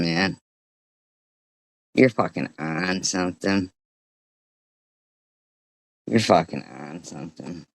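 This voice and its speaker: Low, slow, profane woman ranting. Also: dry recording. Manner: profane, scolding rant with frequent throat clearing. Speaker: streamer reacting to a clip. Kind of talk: angry reaction commentary.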